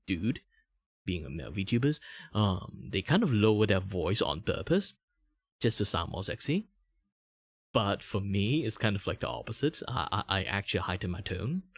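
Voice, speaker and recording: A man's voice: no room sound, studio quality. A man in his thirties from Malaysia, with a Malaysian English accent, chatting casually on a livestream and rambling with many fillers. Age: 30s. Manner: rambling, many "like" fillers, jumps to a much higher voice when excited. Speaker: VTuber streamer.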